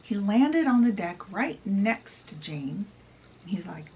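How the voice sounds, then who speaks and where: A woman's voice: mid-range voice, sing-song, slow, mellow, rough recording. A woman hosting a book channel, summarizing a novel in a chatty retelling style full of casual asides.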